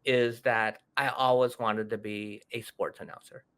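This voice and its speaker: A man's voice: medium pitch, unhurried, clean tone. A middle-aged man hosting a podcast, telling a story casually and acting out the voices of the people he quotes. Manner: animated, acts out quoted voices. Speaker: podcast host.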